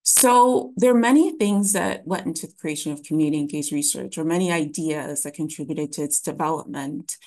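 A woman presenting an academic lecture in a webinar, explaining ideas in a measured way with frequent ums and restarts. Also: low-pitched, mellow.

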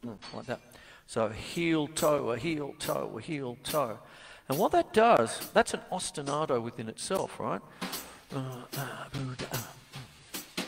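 A man's voice: medium pitch, creaky, long reverb tail, a little hiss or hum. A man, giving a casual, jokey drum lesson on stage in a venue. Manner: chatty and jokey, laughs often. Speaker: drum teacher. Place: music venue theatre stage. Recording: live drum kit loud behind voice.

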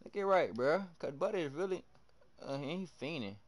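A young man livestreaming a basketball game, his voice sitting a little high and swinging widely up and down. He keeps up a running commentary for his viewers, loudly trash-talking opponents and reacting to every play. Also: a little fast. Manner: animated trash talk, reacting loudly to plays. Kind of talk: live gameplay commentary.

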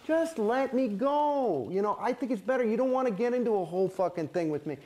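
A man's voice: sits high, lively intonation, racing, warm tone, slight background noise. A middle-aged man, a guest in an interview, telling a story in an emphatic, rambling and heavily profane way. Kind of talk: candid storytelling.

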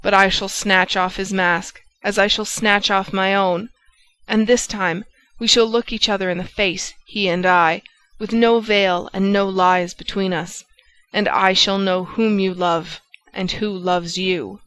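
A woman reading the part of a jealous young nobleman in an audiobook, voicing his outbursts loudly and with passion. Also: mid-range voice, steady tone, moderate pace, lightly acted, poor audio. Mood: angry, bitter. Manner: loud, impassioned outbursts.

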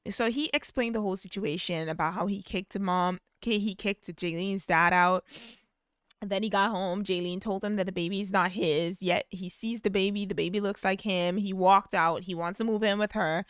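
A woman's voice: mid-range voice, fairly even intonation, normal speed, a bit bright, clean tone, no room sound, clean studio sound. Chatty young woman narrating a game. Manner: chatty, addresses viewers as you guys. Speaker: let's play narrator. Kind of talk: casual game commentary.

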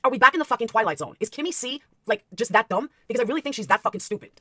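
Fast-talking, profane, ranting woman. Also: on the high side, expressive, a bit bright. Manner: profane, heated, constant swearing. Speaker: livestreamer. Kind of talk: angry livestream rant.

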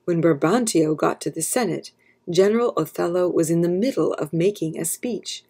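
A woman narrating an abridged classic play as a calm, steady read-aloud story for children. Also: on the low side, moderate pace. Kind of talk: scripted narration.

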